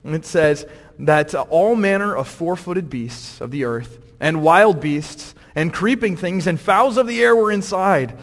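A man preaches a sermon with humor and energy, acting out the scripture as he goes. His voice is fairly high. It rings with a long reverb through a hall. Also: measured pace. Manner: humorous, acts out quotes, animated.

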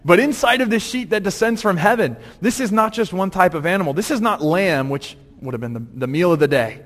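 A man preaching a sermon in a lively, humorous way, acting out the scripture as he goes. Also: high-pitched, fairly quick, in a large hall. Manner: humorous, acts out quotes, animated.

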